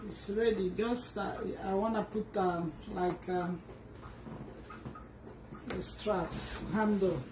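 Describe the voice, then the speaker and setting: A woman giving an unhurried, step-by-step sewing tutorial, often restarting her sentences as she works. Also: mid-range voice, steady tone, recorded from a distance, noisy background. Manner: unhurried, restarts and fillers while working. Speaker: sewing instructor. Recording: echoey room, voice from off the mic.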